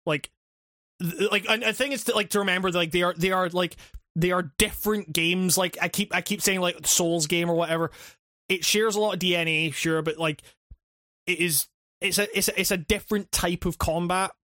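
A young man chats casually as a podcast co-host, his voice sitting high. He rambles, swears freely and laughs often, and the sound is dry with no room in it. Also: steady tone, fairly quick, sharp tone, no room sound. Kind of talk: casual chat.

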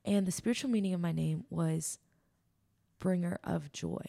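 A woman's voice: fairly low pitch, normal speed, gravelly, dark tone. A woman guest on a podcast, telling an earnest, emotional faith testimony with lots of ums and likes. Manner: rambling, with many ums and likes.

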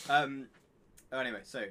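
A man's voice: mid-range voice, a bit bright. A young man co-hosting a podcast in casual chat, rambling and self-deprecating, often laughing. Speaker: podcast co-host.

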